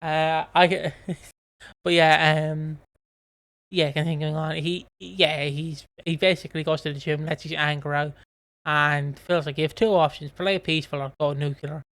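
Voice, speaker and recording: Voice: mid-range voice, fairly even intonation, moderate pace, a bit bright. A co-host of a casual podcast, rambling through a recap with frequent swearing and laughter. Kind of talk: casual chat, recapping a soap.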